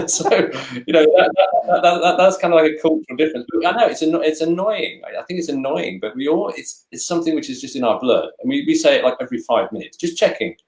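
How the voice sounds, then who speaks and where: A man's voice: a little high, lively intonation, fast, darkish tone. A man co-hosting an online webinar in casual chat, stumbling over words and padding with fillers. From Britain. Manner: stammers, repeats words, many fillers. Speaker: co-host, English teacher. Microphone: video call. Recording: roomy echo.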